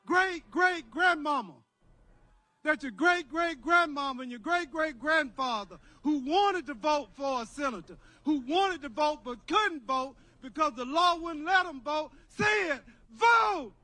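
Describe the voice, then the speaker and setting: A man's voice: very high-pitched, normal speed, few pauses, bright, forceful tone. An older man speaking at an outdoor rally, leading a preacher-style call-and-response. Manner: preacherly, rousing, repetitive.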